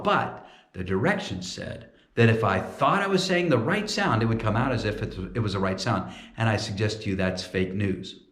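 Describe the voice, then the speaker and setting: A man giving a playful, comic ventriloquism demonstration, talking in a lively storytelling way. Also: medium pitch, echoey room. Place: church.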